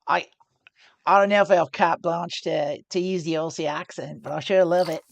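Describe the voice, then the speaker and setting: A woman plays poker live and explains her hands as she goes, thinking aloud and frequently beginning sentences again. Her creaky voice is lowish and steady in tone, at a normal speed.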